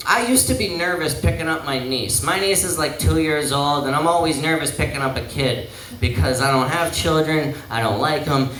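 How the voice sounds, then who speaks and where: A man's voice: a little high, fairly bright tone, slight background noise. A young man performing a rambling, self-deprecating stand-up set in a small pub, often trailing off and restarting. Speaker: stand-up comedian. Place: small pizza pub stage. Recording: echoey room, far from mic.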